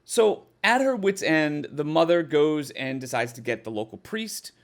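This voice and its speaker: A man reviewing a horror movie in a casual, exasperated way, with a slightly high voice. His pitch swings widely as he mocks the film, and he swears freely. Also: expressive, normal speed.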